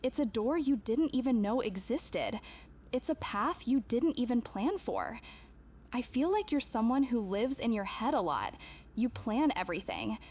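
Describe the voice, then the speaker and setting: A woman's voice: a little high, expressive, unhurried, darkish tone. A woman speaking earnestly and intimately to a camera, delivering a channeled spiritual message with emphatic repetition.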